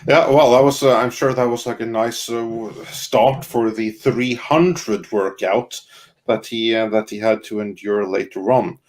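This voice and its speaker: A man's voice: mid-range voice, steady tone, a little slow. A man hosting a casual talk show, speaking with lots of ums and uhs and chuckling along. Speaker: host. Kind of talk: casual chat.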